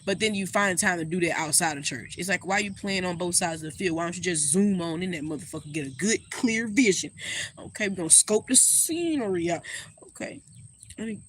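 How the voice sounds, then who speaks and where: A woman giving a casual astrology reading. She talks straight to her viewers in a sassy, animated way and swears freely. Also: on the low side, fairly quick, a little hiss or hum. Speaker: astrologer and spiritual reader.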